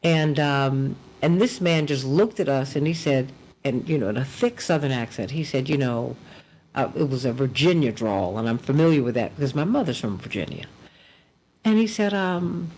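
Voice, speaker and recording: A woman hosting a radio talk show, telling stories in casual chat and swinging from loud to hushed. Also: a bass voice, expressive, normal speed.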